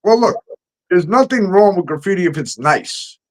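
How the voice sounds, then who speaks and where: A man with a somewhat high voice tells a rambling story, chuckling often and cursing freely. He talks casually, as if chatting with a friend on a livestream. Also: expressive, normal speed. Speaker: host. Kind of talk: casual chat. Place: home.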